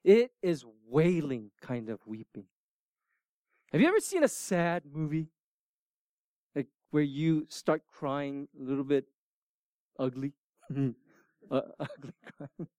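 Animated high-voiced preacher, dry sound. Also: male voice, slow pace, long pauses, no room sound. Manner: animated, emphatic preaching that drops to hushed, near-whispered moments. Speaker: pastor. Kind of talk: sermon.

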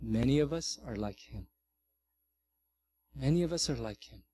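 A man in his thirties, a pastor, preaching a sermon and telling a family story with lively swings from loud to hushed. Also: medium pitch, normal speed, a little hiss or hum.

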